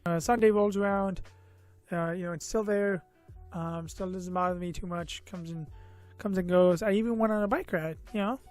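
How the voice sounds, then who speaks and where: This vlogger's voice is high and darkish in tone, holding steady at a normal speed. Worn out and slightly loopy, he rambles through a personal story, stuffing it with fillers like "you know" and "uh" and self-deprecating asides, while soft music runs underneath.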